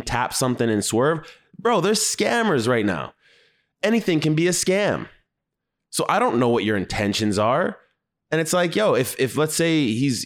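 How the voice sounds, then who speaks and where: A man giving casual reaction commentary on clips, talking bluntly and conversationally with frequent swearing. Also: medium pitch.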